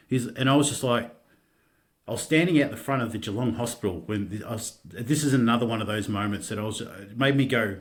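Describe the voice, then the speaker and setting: A podcast guest, this middle-aged Australian-accented man has a fairly low-pitched voice. He candidly recounts his own experiences, repeatedly halting and starting over, and swears in a casual way.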